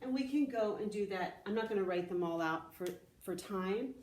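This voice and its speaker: A woman's voice: mid-range voice, moderate pace, few pauses, darkish tone, recorded from a distance. A woman teaching a Latin lesson at a whiteboard, patiently checking in with "okay?" after each step. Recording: echoey room with faint ambience.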